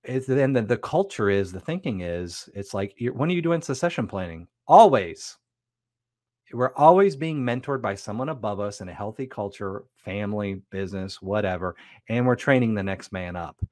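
A man's voice: fairly low pitch, lively intonation, brisk, few pauses, a little mellow, dry recording, studio quality. A man co-hosting a casual business talk, speaking in a reflective coaching way with frequent restarts. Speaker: podcast co-host.

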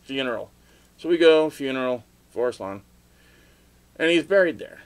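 A middle-aged man rambling through a story for his video blog, with sudden loud outbursts and laughter along the way. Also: mid-range voice, animated, normal speed, clean tone. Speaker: vlogger telling stories.

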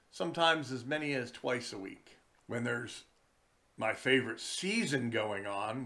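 Man, fishing charter captain, middle pitch, very slow pace, chatty, wry, casual vlog. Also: a bit bright. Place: indoors in his den.

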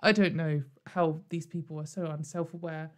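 A woman's voice: low voice, fairly even intonation, moderate pace. A woman hosting a casual commentary show, rambling and sarcastic, with lots of fillers and little laughs. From United Kingdom. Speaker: commentary video host.

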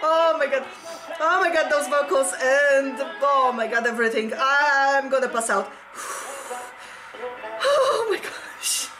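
Gushing high-voiced woman reacting. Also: steady tone, moderate pace. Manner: gushing, squealing, sings along. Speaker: reaction video host. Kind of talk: excited reaction commentary. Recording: music playing loudly behind. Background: pop music playing.

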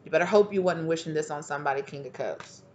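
A woman reading tarot cards in a loose, chatty way, slangy and sassy. Her voice sits fairly low, and she teases herself as she goes. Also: quick pace, a little mellow, slight background noise. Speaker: tarot reader. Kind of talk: casual channeled tarot reading.

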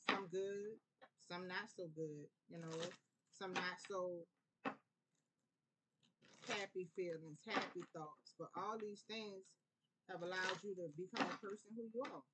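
Low-voiced New Orleans woman reading tarot. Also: measured pace, pauses often, very noisy. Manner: relaxed, prayerful, conversational. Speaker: tarot reader. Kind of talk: casual spiritual tarot reading.

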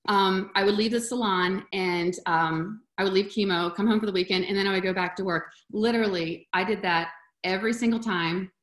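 A woman's voice: mid-range voice, fairly even intonation, a little fast, roomy sound. A woman presenting on a video call in a casual, heartfelt way, sometimes getting choked up. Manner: emotional, chokes up at times. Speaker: webinar presenter.

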